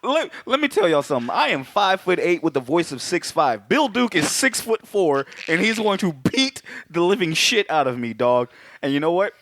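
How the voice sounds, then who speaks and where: A man's voice: sits high, very animated, normal speed, a bit bright, no echo. Male co-host, loose and profane, a tenor-ish, bouncy voice, always on the edge of laughing. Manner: profane, joking, laughs a lot. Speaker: podcast co-host. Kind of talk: casual movie podcast banter. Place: lives in Austin.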